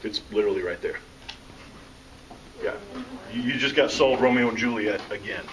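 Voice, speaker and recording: A man's voice: mid-range voice, moderate pace, background noise. Joking man far from the mic. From American South. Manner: joking, animated storyteller. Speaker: author and teacher. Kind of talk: author talk to a live audience. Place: room with a live audience. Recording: distant mic with audience around.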